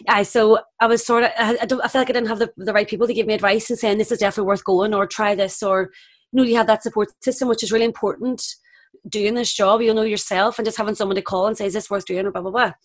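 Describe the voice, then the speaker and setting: Young actress, rapid and lively, acts out the voices in her anecdotes. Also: medium pitch. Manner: animated, acts out quoted voices. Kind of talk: casual chat, storytelling.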